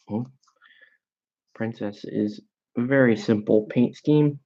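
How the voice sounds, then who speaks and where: A man with a mid-range, dark-toned voice paints miniatures at his hobby desk and talks idly as he works. He meanders slowly, self-amused, captured in dull lo-fi sound.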